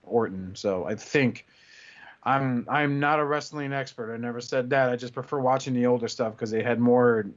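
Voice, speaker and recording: A man's voice: mid-range voice, moderate pace, dull audio. A man co-hosting a casual podcast, telling rambling stories with lots of restarts. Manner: rambling storyteller, many restarts. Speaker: podcast co-host. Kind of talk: casual chat.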